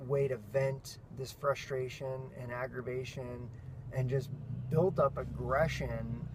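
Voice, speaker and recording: A man's voice: mid-range voice, gravelly. Nasal man in his thirties, rambling. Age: 30s. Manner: rambling, earnest, with self-mocking jokes. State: sleep-deprived. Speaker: vlog host and father. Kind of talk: casual vlog monologue. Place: outdoors while walking between offices. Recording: noisy street and traffic sound.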